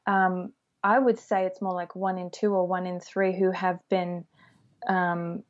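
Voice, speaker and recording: A woman who grew up in Australia, speaking thoughtfully and in a measured way in a podcast discussion. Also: on the low side, level tone, highs cut off.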